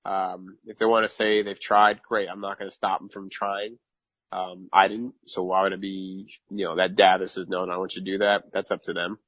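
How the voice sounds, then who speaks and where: Low-voiced man in his thirties, candid. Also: flat delivery, normal speed, fairly bright tone, dry recording. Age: 30s. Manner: chatty, candid, self-assured. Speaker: podcast guest. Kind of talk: casual interview. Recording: dry lo-fi sound.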